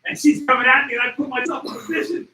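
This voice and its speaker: Brief: bright, high-pitched man, lively storyteller, roomy hall, off-mic. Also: fast talker, recorded from a distance. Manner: excitable, shouts at peaks, acts out animals. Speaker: wildlife photographer giving a talk. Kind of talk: animated storytelling presentation. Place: expo hall. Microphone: handheld mic.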